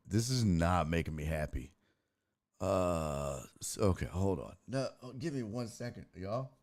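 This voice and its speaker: A man's voice: deep voice, lively intonation, a little mellow. A man hosting a live-streamed sports talk show, reading and answering viewer messages, cursing freely and laughing in between. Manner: profane, exasperated, quick to laugh.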